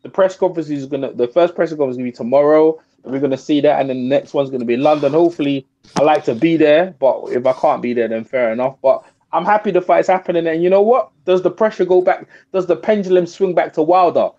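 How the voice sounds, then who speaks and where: A man calling in to a boxing talk show, talking fast, repeating himself and pressing his point. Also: on the high side, warm tone. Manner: rapid, repeats himself, talks over others. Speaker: guest on a boxing call-in show. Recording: muffled lo-fi call audio.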